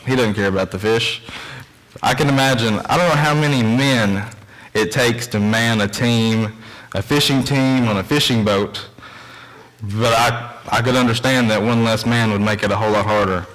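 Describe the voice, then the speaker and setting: A young man gives a church sermon in a plain, mid-pitched voice. He talks in an earnest, conversational way and drifts into storytelling asides between readings of scripture. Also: normal speed, fairly bright tone, low-quality recording. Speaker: preacher.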